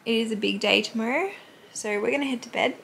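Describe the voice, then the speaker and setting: A woman's voice: a little high, fast, gravelly, a bit bright, a little hiss or hum. A young Australian woman chatting candidly to camera in a casual vlog, swearing now and then. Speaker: vlogger.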